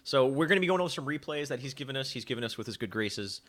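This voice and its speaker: A man hosting a casual gaming show, excitable and joking with his guests over a call. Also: medium pitch, rapid-fire. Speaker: show host. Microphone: video call.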